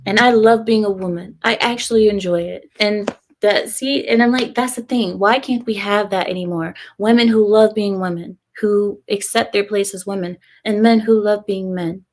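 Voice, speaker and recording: A woman's voice: mid-range voice, steady tone, normal speed, darkish tone. A young woman hosting a casual live stream, giving her opinions and reading viewer comments aloud, often breaking into laughter.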